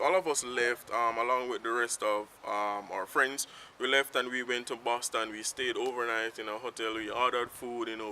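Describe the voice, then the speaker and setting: A young Jamaican man with a Jamaican accent, telling a personal story in a casual vlog, animated at the exciting parts. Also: mid-range voice, slight background noise. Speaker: vlogger.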